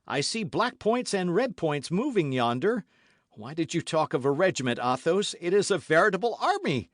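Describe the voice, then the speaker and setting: A man voicing an eager young musketeer in an audiobook, speaking in quick, excited bursts. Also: on the high side, no echo, clean studio sound. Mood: alarmed.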